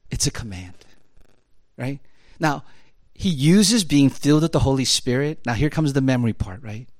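A middle-aged man preaching a sermon in a casual, conversational way, peppering his talk with "right?" and "you know" and rising high and loud when he makes a point. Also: no room sound. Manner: animated, swings high and loud when emphatic.

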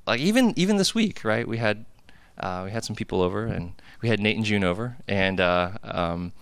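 Smooth-voiced man in his thirties preaching. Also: lowish voice, animated, normal speed, fairly bright tone, no echo. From United States. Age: 30s. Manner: conversational, confessional storytelling with frequent "like" and "right?". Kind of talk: casual personal sermon. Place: hall with a cafeteria.

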